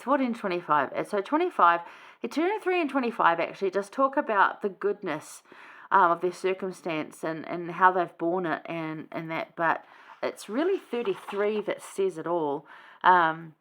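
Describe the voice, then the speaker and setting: A woman's voice: medium pitch, fairly bright tone. A woman hosting a casual scripture study, chatty and rambling, with many fillers and asides.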